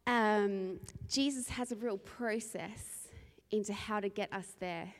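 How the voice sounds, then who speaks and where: A woman from Australia, a preacher, opening a sermon with a lively, rambling personal story and frequent laughter. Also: medium pitch, takes it slowly. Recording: long reverb in a large hall.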